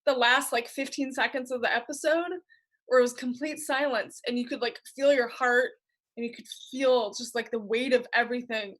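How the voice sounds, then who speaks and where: High pitched woman gushing about a tv episode, earnest, casual. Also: fairly even intonation, moderate pace, fairly bright tone, poor audio. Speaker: panelist. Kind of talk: casual chat.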